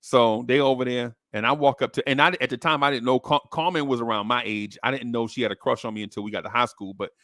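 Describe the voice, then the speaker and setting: A man casually telling a long childhood story on a podcast, animating it with quick jumps into high voices for the people he quotes. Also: fairly even intonation, fairly bright tone, no room sound, clean studio sound.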